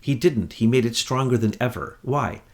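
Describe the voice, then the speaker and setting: A man's voice: mid-range voice, animated, normal speed, creaky. An American man in casual political chat, scornful and mocking as he talks. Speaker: political commentator.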